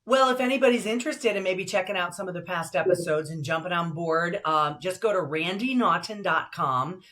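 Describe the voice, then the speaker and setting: Woman, deep alto voice, older, lively and upbeat, casual interview guest. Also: a little fast. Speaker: guest, broadcaster and voiceover actress.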